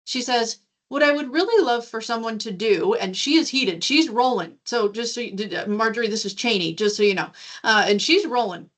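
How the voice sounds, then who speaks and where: A woman loan originator and guest coach telling a work story in a casual, animated way, acting out the voices in the conversation. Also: fairly high pitch, normal speed. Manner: animated, acts out dialogue in a lively voice.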